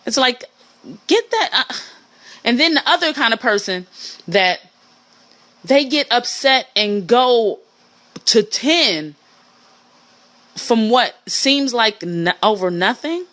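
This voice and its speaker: Animated, bright-voiced woman riffing. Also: slow pace, pauses often. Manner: animated, swinging pitch for emphasis, mimics people she describes. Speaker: podcast host. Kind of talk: casual monologue.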